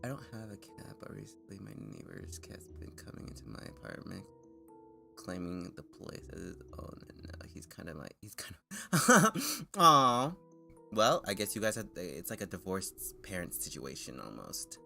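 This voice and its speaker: A man with a deep voice chats to his stream viewers, his pitch swinging animatedly as he rambles. He laughs often, trips over restarts and sounds a bit nervous, with faint music playing underneath. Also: sing-song, normal speed, creaky, a bit bright. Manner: self-consciously nervous. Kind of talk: casual chat with viewers.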